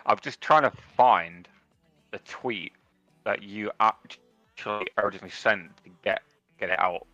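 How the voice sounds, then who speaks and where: A man's voice: fairly low pitch, measured pace, bright, forceful tone, dull audio, soft background music. A man co-hosting a casual podcast, laid-back and sweary, laughing often. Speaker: podcast co-host.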